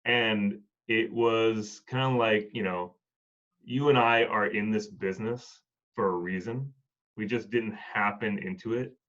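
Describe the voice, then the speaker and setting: A man's voice: lowish voice, steady tone, a little slow, fairly bright tone, highs cut off. A man telling heartfelt stories about hospice patients in a casual conversation, acting out both sides of the dialogue. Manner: reflective, acts out dialogue in stories. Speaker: hospice and home health worker, former Marine.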